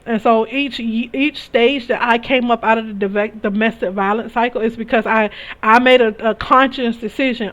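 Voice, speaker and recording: A woman's voice: fairly high pitch, steady tone, moderate pace. A young woman telling her own story in a candid, emphatic way, often restarting her sentences. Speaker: spiritual reader sharing experiences. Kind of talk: casual personal storytelling. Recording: dull lo-fi recording.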